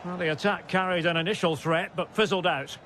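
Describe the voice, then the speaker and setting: A man giving recorded play-by-play football commentary for a video game, with crisp calls of player names that rise to shouted goal calls. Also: high-pitched, steady tone, fairly quick, slight background noise.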